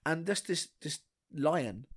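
A man co-hosting a casual podcast chat, talking animatedly and restarting his sentences as he gets excited. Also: fairly high pitch, slow pace, slightly rough. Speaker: podcast co-host.

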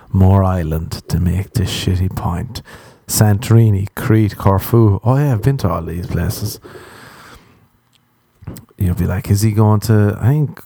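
Young Irish male podcast host: loose, profane, rambling stand-up style with a warm, slightly low voice. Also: unhurried, vocal fry, husky, dry recording. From Ireland. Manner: rambling, profane, laughs at his own jokes. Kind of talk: solo comic podcast monologue.

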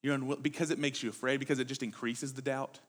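A man's voice: medium pitch, steady tone, fast, husky. A young adult man preaching a sermon in a church, talking conversationally and asking the congregation rhetorical questions. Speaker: pastor.

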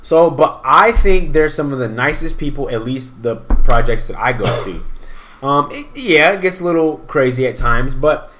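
A young man chatting on a casual podcast, swinging between a low mutter and loud acted-out quotes. His voice sits mid-range. He is profane and talkative. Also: normal speed, background noise. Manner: animated, profane, acts out quotes loudly. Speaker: podcast co-host. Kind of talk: casual storytelling chat.

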